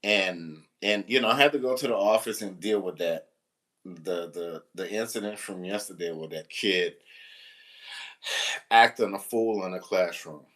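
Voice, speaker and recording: A man's voice: low voice, a little slow, fairly bright tone. A man who works as a substitute teacher, telling a rambling, exasperated and joking story with mild cursing. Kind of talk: casual storytelling to camera.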